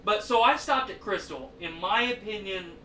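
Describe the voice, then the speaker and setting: A man's voice: sits high, moderate pace, sharp tone, slight background noise. A man hosting a podcast in casual chat, a rambling storyteller who swears a lot. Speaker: podcast host. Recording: echoey room, distant mic.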